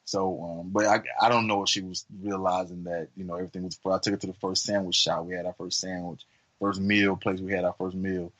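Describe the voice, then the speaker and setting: A man co-hosting a podcast, telling a long story in a casual, rambling way with many fillers and lively acted-out voices. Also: sits low, a little fast, poor audio. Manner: animated, acts out quoted voices. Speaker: podcast co-host.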